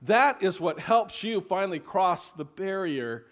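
High-voiced sarcastic male pastor. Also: unhurried. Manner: sarcastic, mock advice with frequent laughs; animated, emphatic delivery. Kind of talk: sermon.

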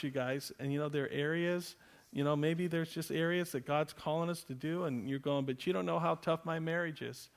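A man preaching a sermon as pastor, joking and chuckling between points, then slowing and hushing his voice for emphasis. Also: fairly high pitch. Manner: slows down and hushes for emphasis.

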